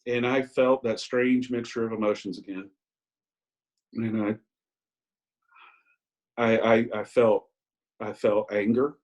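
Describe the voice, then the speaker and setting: A man's voice: lowish voice, level tone, takes it slowly, long pauses, a little mellow, poor audio. A man in his sixties giving a personal recovery share on a video call, telling his story candidly with self-mocking asides and hesitant ums. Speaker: Al-Anon speaker.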